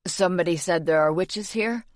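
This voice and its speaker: A woman's voice: lowish voice, moderate pace, darkish tone, no room sound, studio quality, close to an everyday voice. A woman voicing a fussy, easily panicked male wizard who shrieks his alarm in an audiobook.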